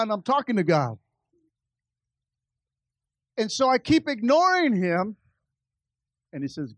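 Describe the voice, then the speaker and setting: A pastor telling a personal story in a sermon, moving between quiet, confiding asides and loud, lively peaks. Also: male voice, sits high, a little slow, pauses often, no echo. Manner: animated, swings from soft asides to loud climaxes.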